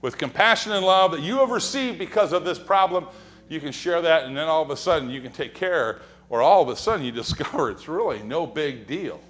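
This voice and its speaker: In a church sanctuary, a male pastor preaches like a storyteller, telling funny anecdotes and building to punchlines. His voice sits a little high and swings widely in pitch, talking fairly quickly as he acts out quotes and whispered gossip.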